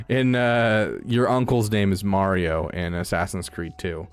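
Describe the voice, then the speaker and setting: A man's voice: sits low, steady tone, slow, clear, resonant tone, soft background music. A man streaming live, chatting casually with his viewers, rambling, restarting his sentences and laughing often. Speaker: streamer reading chat.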